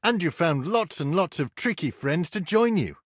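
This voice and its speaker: A man's voice: on the high side, lively intonation, normal speed, husky, no room sound, clean studio sound. A man narrating a children's educational game in a cheerful, encouraging way, speaking to the child. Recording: noisy game audio.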